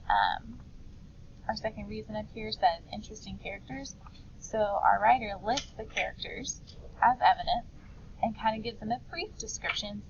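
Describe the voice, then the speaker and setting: Woman teacher with a gravelly voice. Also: mid-range voice, recorded from a distance. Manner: reads an example aloud, then explains step by step. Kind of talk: screen-recorded writing lesson. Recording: slightly dull, faint background noise.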